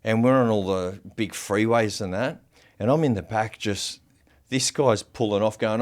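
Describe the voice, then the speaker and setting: Telling a story about himself on a podcast, a man keeps things casual and animated, full of curse words and fillers. His pitch is fairly low, at a normal speed.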